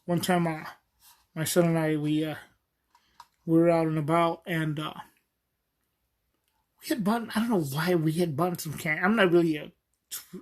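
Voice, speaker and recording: A man hosts a podcast in a loose, rambling monologue, his voice sitting a little high. He wanders through his stories with lots of ums and restarts and often chuckles as he goes. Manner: rambling, with many fillers and restarts. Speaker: podcast host.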